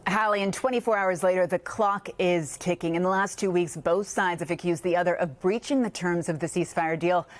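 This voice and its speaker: A woman foreign correspondent reporting live in a measured, steady way. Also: on the low side, dry recording.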